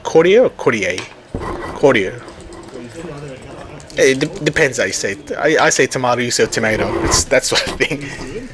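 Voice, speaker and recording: A man's voice: medium pitch, lively intonation, a little slow, long pauses. A man casually explaining a tabletop wargame as he plays, often stopping and restarting his phrases. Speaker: tabletop wargame player recording a battle report. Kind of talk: casual explanatory narration over a tabletop game. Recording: chatter from a crowd in the background.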